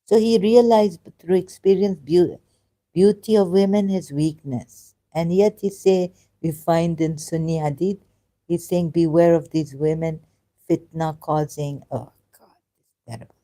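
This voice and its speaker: Woman, low voice, mellow tone, halting and emotional. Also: fairly even intonation. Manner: emotional, searching aloud, halting with fillers. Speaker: ex-Muslim commentator. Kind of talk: casual commentary reading scripture.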